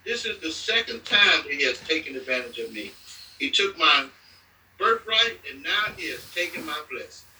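A man reading scripture aloud at an even pace, sometimes stumbling and restarting a phrase. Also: a little high, moderate pace, echoey room, recorded from a distance, slight background noise, poor audio. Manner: plain reading with restarts and slips. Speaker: scripture reader.

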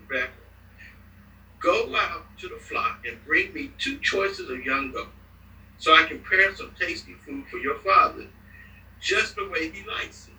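A man reading scripture aloud at an even pace, sometimes stumbling and restarting a phrase. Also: high voice, echoey room, far from the mic, poor audio. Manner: plain reading with restarts and slips. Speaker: scripture reader.

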